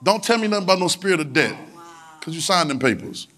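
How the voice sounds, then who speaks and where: A man's voice: high-pitched, lively intonation, quick pace, sharp tone. A man preaching a sermon in a colloquial manner, repeating phrases and urging the congregation to answer back. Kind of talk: sermon with call-and-response.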